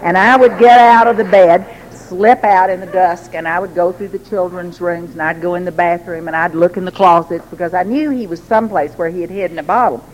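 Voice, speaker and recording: A woman telling a personal story to a recovery group, lively and laughing, acting out the voices she quotes. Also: fairly low pitch, a little fast, few pauses, poor audio. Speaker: recovery meeting speaker.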